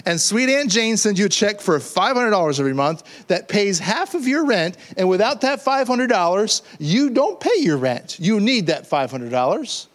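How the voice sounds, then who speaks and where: A man's voice: high voice, sing-song, moderate pace, hardly any pauses. A middle-aged man preaching a sermon as pastor, conversational and joking, often repeating words as he builds a point.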